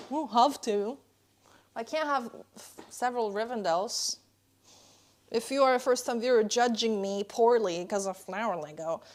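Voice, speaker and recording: Young female streamer, bit higher voice, chatty and teasing, talking to chat from home. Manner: playful, chatty, reads and answers chat. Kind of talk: casual live-stream chat. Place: indoors at home, kitchen.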